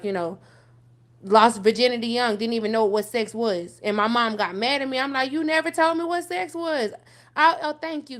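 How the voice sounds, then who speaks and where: A young woman talks through her own past. She is blunt and profane. She keeps pushing the story on with "so fast forward". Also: on the high side, a bit bright. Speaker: guest telling her life story. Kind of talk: candid personal storytelling on a call-in show.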